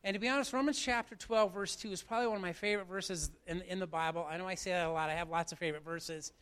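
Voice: medium pitch, steady tone, quick pace, a bit bright, clean tone. A pastor preaching a live sermon to a church congregation, emphatic and fond of repeating key phrases.

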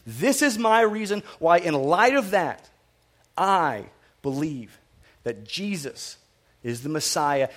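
A man's voice: high-pitched, fairly bright tone. A man preaching a sermon to his congregation in a conversational way, with asides, jokes and frequent restarts. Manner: conversational, self-correcting and repetitive, with asides and humor. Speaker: pastor.

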